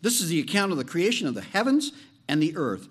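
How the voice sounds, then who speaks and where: A man preaching a sermon as pastor, animated and joking, leaning on slow emphatic phrases. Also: fairly high pitch, slightly rough.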